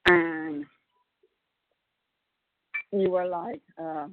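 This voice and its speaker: A woman with a lowish voice talks slowly and rambles through a retelling, full of "uh" and "you know" and restarts. The sound is a dry, tinny prison phone line. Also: fairly even intonation, dry recording. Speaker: family member on a prison phone call. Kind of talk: casual phone chat.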